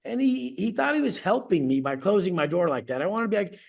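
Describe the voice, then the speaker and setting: Man, coach, video call, gravelly voice, profane boastful rant. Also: high voice, big pitch swings, quick pace.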